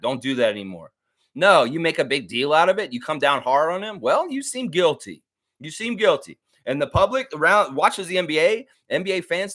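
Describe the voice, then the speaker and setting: A man's voice: fairly high pitch, big pitch swings, fairly quick, fairly bright tone. A man hosting a live-stream sports show, ranting heatedly and profanely and repeating lines for emphasis.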